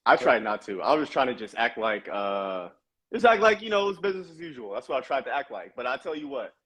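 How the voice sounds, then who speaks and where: A husky, mid-pitched male voice with a slightly breathy grain. He tells anecdotes in a relaxed, rambling way, peppered with fillers. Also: fast. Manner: chatty anecdotes with frequent uh and man. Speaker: voice actor guest. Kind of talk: casual interview storytelling.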